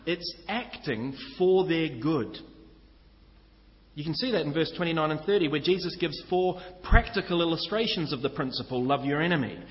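A man's voice: on the high side, expressive, moderate pace. A man preaching a sermon, earnestly teaching and speaking directly to his listeners. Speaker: pastor. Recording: echoey hall, slightly dull sound.

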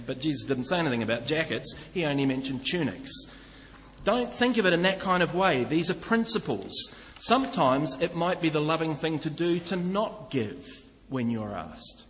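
Earnest New preacher in an echoey hall. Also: male voice, on the high side, lively intonation, moderate pace. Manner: earnest teaching, direct address to listeners. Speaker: pastor. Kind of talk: sermon. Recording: echoey hall, slightly dull sound.

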